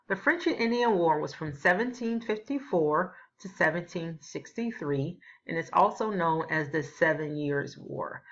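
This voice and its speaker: Low gravelly woman teaching history. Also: fairly bright tone. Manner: explanatory, casual asides. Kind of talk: classroom history lesson. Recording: dull lo-fi recording.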